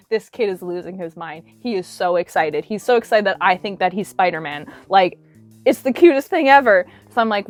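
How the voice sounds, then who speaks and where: A young woman telling a cosplay story to camera in a bubbly, animated way, with lots of "like" fillers. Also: mid-range voice, a little fast, soft background music. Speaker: cosplay vlogger.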